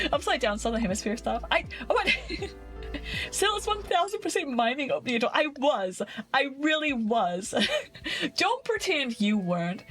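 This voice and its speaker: A woman's voice: a little high, fairly bright tone. A young woman from New Zealand with a New Zealand accent, a giggly streamer chatting casually with her viewers from her desk. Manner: giggly, chatty, laughs constantly. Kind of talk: casual chat with livestream viewers.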